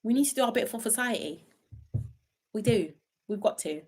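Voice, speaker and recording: In a slightly high, expressive, somewhat mellow voice at normal speed, a young woman hosts a stream commenting on reality shows. She chats casually through viewer comments, playful and rambling, laughing frequently and letting sentences trail off into ums.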